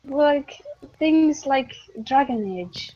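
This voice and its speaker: A woman's voice: sits high, animated, drawn-out words, no room sound, muffled recording. A woman with a Northeast English accent, chatting casually beside a streamer and reading trivia aloud in a dry, reluctant way. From near Newcastle, England. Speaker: co-host reading facts aloud. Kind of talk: casual chat.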